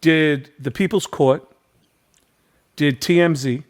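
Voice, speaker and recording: A man's voice: on the high side, slow. A middle-aged man hosting a podcast, telling a long story in casual chat and acting out the people he quotes with lots of repetition. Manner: animated storyteller, acts out quotes, repeats phrases. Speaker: podcast host.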